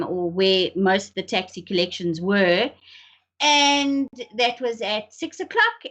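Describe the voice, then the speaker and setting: A middle-aged woman chatting emphatically as a podcast co-host. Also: mid-range voice. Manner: emphatic, animated, sometimes laughing nervously. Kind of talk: casual chat.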